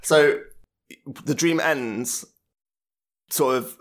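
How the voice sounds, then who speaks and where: A man's voice: medium pitch, very slow. A man hosting a podcast, asking hesitant questions and humming along as his guest talks. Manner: hesitant questioning with frequent backchannel hums. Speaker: podcast host. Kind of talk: casual interview chat.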